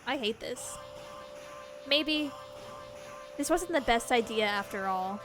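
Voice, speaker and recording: Over game music, a female streamer reads the narration of the game she's playing live, laughing and cursing often. Her voice is fairly high and animated, and she speaks slowly.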